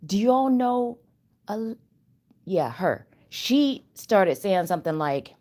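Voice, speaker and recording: A woman chatting at home in a casual spiritual vlog, animated and rambling, with loose slangy talk. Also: lowish voice, a little slow. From Chicago area. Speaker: channel host.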